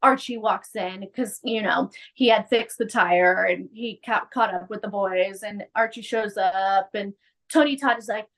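A woman hosting a podcast, casually recapping an episode with lively acted-out quotes. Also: mid-range voice, a little slow. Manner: animated, acts out quotes, laughs often. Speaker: podcast host.

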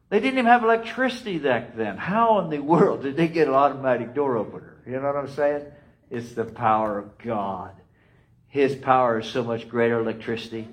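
A man preaching a sermon, emphatic and repetitive, swinging between loud rises and quiet drops. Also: mid-range voice, moderate pace, rough recording. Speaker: pastor.

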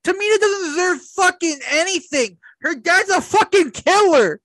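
High-voiced man ranting bluntly. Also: animated, normal speed, a bit bright, dry recording. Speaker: podcast co-host. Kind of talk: casual chat.

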